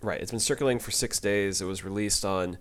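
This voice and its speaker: A man with a fairly low voice co-hosts a casual podcast. He chats loosely, laughs easily and often restarts his sentences mid-thought. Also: fast talker, fairly bright tone. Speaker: podcast co-host. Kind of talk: casual chat.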